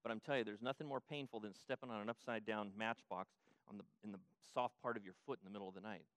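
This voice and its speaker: A man's voice: fairly low pitch, steady tone, fast talker, no room sound. Emphatic older male preacher, dry sound. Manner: emphatic, repetitive preaching that often restarts and rises to loud peaks. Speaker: pastor. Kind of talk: sermon.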